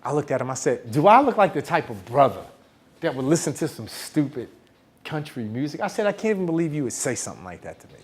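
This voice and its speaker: A middle-aged man from the United States giving a motivational talk, telling a story in an animated way and acting out the dialogue. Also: a little high, fast, breathy edge. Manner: animated, acts out dialogue with big swings in volume. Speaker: motivational speaker.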